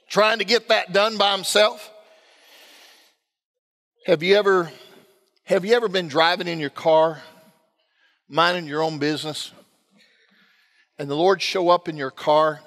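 A male pastor preaching a sermon, telling a comic story with laughter and animated storytelling. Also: high voice, big-room sound. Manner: storytelling, animated, self-mocking, laughing through stories.

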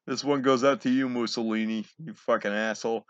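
A man's voice: medium pitch, no echo. A man casually reading jokes aloud, giggling and swearing between them. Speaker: joke reader. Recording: dull, lo-fi home recording.

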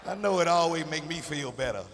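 A middle-aged man performing live stand-up on an arena stage, animated, breaking into singer impressions. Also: a little fast, slight background noise. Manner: animated, mimics singers with falsetto and crooning. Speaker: stand-up comedian. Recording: live arena recording with long reverb.

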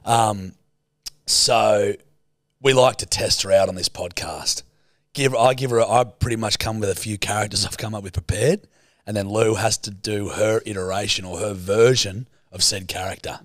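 A man's voice: lowish voice, steady tone, moderate pace, dry recording, studio quality. A man co-hosting a casual podcast, teasing his co-host and swearing freely.

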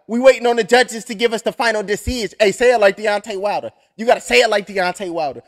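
A young man calls punches blow by blow and drifts into profane, joking stories. His voice sits high for a man. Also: fairly bright tone. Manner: rambling, profane, joking asides. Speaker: fight commentator. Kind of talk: live blow-by-blow stream commentary.

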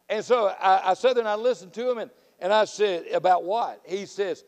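A middle-aged man with a Southern accent preaches at a revival, his raised voice ringing through the long echo of a church sanctuary. He tells folksy stories and swings from loud, fiery outbursts to quiet, dry asides. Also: high-pitched, normal speed, hardly any pauses. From Florida. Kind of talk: revival sermon with storytelling.

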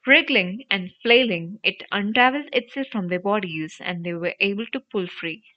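A woman reading a storybook audiobook aloud in an animated, expressive narration. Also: medium pitch, normal speed. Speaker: audiobook reader. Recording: dry, dull lo-fi audio.

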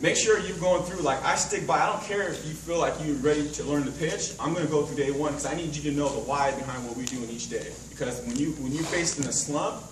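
A man's voice: a little high, fast talker, hardly any pauses, slight background noise. A man training a sales team at a meeting, casual and rambling, full of fillers and analogies, recorded from far off in an echoey hotel room.

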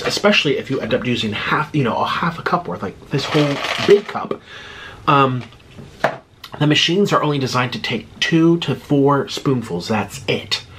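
A man's voice: medium pitch, fairly bright tone. Guy in his 30s rambling on about stuff, kinda out of breath, chatty, bit of faint hiss behind. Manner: chatty, digressive, many fillers and restarts. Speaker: mukbang vlogger. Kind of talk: casual rambling monologue.

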